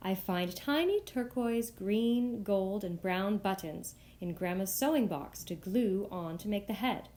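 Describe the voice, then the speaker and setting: A woman reading a picture book aloud for young children at storytime, voicing the young narrator with bright, lifted lines. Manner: expressive, lifting high for the child's voice. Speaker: storytime reader.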